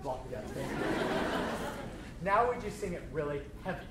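A man working as a choir director, teaching a rehearsal in an energetic, encouraging way and demonstrating lines by chanting and singing them. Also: fairly high pitch, moderate pace. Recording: echoey room with background noise.

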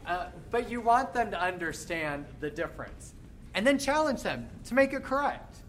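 Animated male choir director teaching. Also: sits high, moderate pace, noisy background. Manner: animated, demonstrates by singing phrases. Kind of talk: choral workshop teaching.

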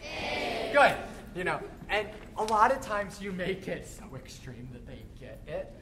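A man who is a choir director, teaching a choral workshop in an animated way and breaking into sung demonstrations. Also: high voice, unhurried, a little hiss or hum. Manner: animated, demonstrates by singing phrases.

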